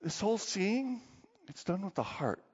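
A male pastor preaching a sermon with animated storytelling, closing in quiet prayer, in a dull recording with long hall reverb. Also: sits high, normal speed, breathy edge.

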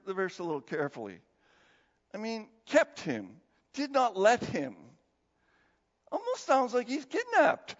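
Animated laughing pastor in a reverberant hall. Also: male voice, high voice. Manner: animated, laughs often, acts out quotes. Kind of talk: conversational sermon. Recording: dull sound with long hall reverb.

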